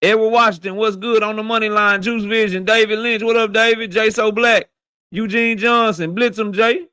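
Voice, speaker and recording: A man hosting a boxing livestream who greets viewers by name in loud, slangy, profane banter. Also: sits high, fairly even intonation, normal speed, clean tone, dry recording, clean studio sound. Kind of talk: casual livestream chat, shouting out viewers.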